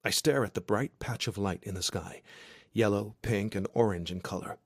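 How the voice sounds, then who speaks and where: A man narrating a romance audiobook in the first person, wry and expressive. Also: fairly low pitch, normal speed, breathy edge, no echo, studio quality. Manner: wry, expressive, self-deprecating.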